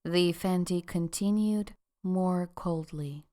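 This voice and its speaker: A woman narrating an audiobook in a measured, deliberate way. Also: lowish voice, mellow. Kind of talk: scripted narration.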